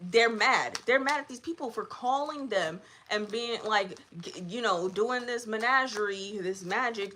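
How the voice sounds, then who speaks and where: A woman hosting a live collective tarot reading, chatty and animated, often laughing. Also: a little high, a little hiss or hum. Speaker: tarot reader.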